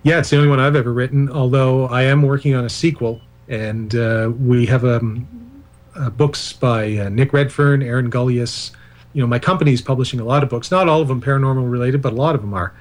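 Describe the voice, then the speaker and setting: A man's voice: mid-range voice, fairly even intonation, a little fast. A man speaking as the guest author on a radio interview, explaining ideas at length with digressions and self-deprecating asides.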